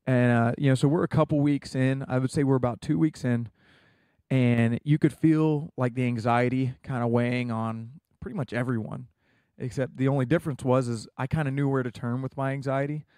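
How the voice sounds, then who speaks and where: A man's voice: medium pitch, steady tone, a little fast, darkish tone, clear, resonant tone, no echo, clean studio sound. A young American man in a casual interview, earnestly telling a personal story with many fillers. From United States. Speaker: guest.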